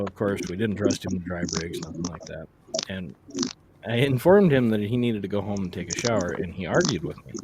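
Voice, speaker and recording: Easygoing man, low voice, casual anecdote, noisy room. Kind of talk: casual storytelling.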